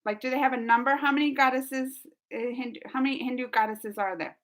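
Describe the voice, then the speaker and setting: Woman streamer, a bit high-pitched, chatty and rambling, casual live-chat delivery. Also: fairly even intonation, fast talker, a bit bright. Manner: chatty and rambling, says "like" a lot.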